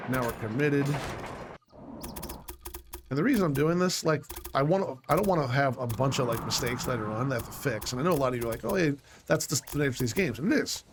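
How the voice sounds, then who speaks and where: A man's voice: medium pitch, brisk, long pauses, noisy background. Man muttering through gameplay, frustrated. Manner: thinks aloud, self-directed and frustrated, with mild swearing. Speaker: let's play gamer. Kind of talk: casual gameplay commentary.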